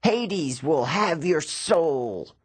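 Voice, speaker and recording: A man voicing a menacing female Fury, a demon in a teacher's form, with a Southern accent and a slow, drawn-out, threatening delivery. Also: fairly high pitch, expressive, husky, no echo, voice pushed up, heavily acted.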